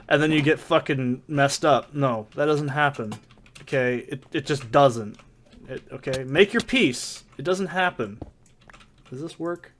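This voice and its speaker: A man riffing over a let's play in a loose, rambling way, swearing freely and breaking into mock rants. His voice sits at an ordinary male pitch, close on a desk condenser mic in a soundproofed home corner. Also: a little slow, a bit bright. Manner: rambling, profane, mock-ranting. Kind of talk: casual gameplay commentary. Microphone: desk condenser mic with pop filter.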